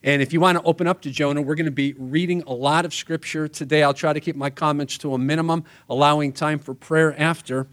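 A man's voice: on the high side, fairly even intonation, quick pace, few pauses, fairly bright tone. A middle-aged man preaching a sermon in a chapel, conversational and storytelling with wry asides.

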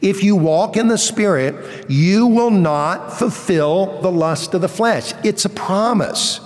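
High-pitched guy preaching a sermon, pushy teacher vibe, lots of questions to the crowd, big echoey church hall. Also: animated, slow, darkish tone. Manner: emphatic teaching, rhetorical questions to the congregation. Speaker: pastor. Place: large church sanctuary.

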